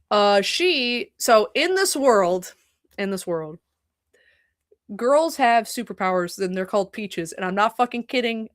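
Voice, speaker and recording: Young woman streamer, mid pitch, animated and swearing, dry close sound. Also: no room sound. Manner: rambling, profane and animated. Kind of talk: casual chat. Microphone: desk mic at a computer.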